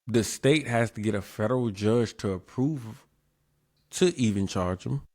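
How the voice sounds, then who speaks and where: A man hosts his own show, offering casual commentary with emphasis, repeating his points and posing rhetorical questions. His voice sits lowish and a little mellow, and he speaks unhurriedly. The recording is dry, with a clean studio sound.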